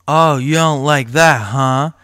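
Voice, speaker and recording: A man's voice: medium pitch, takes it slowly, a bit bright, clear, resonant tone, no room sound, studio quality. A man voicing a rambling, scolding drunk who slurs his way through his lines.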